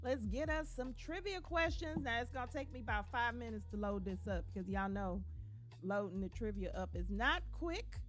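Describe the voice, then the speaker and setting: Woman host, chatty live-stream banter, voice on the high side, soft music under her. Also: animated, moderate pace. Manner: chatty, reads viewer comments aloud, drops to a low voice at times. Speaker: livestream host. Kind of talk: casual livestream chat with viewers.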